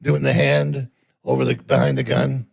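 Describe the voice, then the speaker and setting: A man in his sixties, a guest actor in a casual interview, talking haltingly with many restarts and an easy "man". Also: medium pitch, very animated, creaky. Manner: halting, repeats himself, says "man" often.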